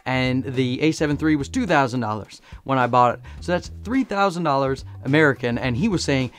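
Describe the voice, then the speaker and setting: Hoarse joking male camera vlogger. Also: mid-range voice, fairly quick, hardly any pauses, a bit bright. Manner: joking, self-mocking, chatty. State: hoarse from laryngitis. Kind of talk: casual camera review vlog.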